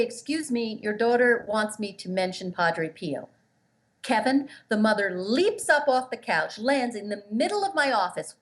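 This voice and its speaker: A woman being interviewed as a guest, telling stories earnestly and with emphasis, acting out the voices of the people she quotes. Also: mid-range voice. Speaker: guest, relationship therapist. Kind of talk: interview storytelling.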